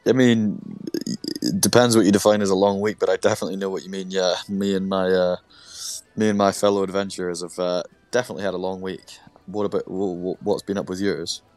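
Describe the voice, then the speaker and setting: A man playing a character in a tabletop game, speaking hesitantly with many pauses and restarts. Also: sits low, flat delivery, darkish tone, dry recording, soft background music. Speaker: player. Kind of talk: in-character tabletop role-play.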